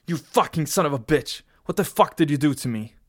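A man doing a shrill, enraged young man. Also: animated, a little fast. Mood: furious. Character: panicked, furious young man screaming.

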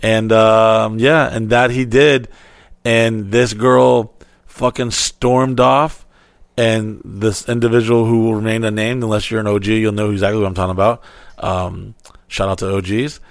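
A man's voice: lowish voice, measured pace, no room sound, clean studio sound. A man on a podcast telling a wild story in casual, heavily profane chat and acting out the quotes. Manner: animated, swearing freely, acting out quotes.

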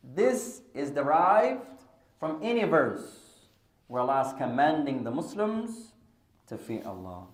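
In an echoey room, a lively, bilingual Islamic studies teacher leads a classroom lesson, switching between English and Arabic and joking with his students in humorous asides. His voice runs on the high side and slow, captured as a podcast recording of the class.

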